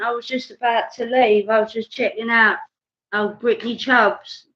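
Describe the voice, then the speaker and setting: A woman's voice: fairly high pitch, flat delivery, moderate pace, fairly bright tone. A woman hosting a livestream, ranting bluntly and chatting to viewers, sometimes dropping into mutters. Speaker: livestream host. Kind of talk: ranting live stream. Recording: dull lo-fi sound.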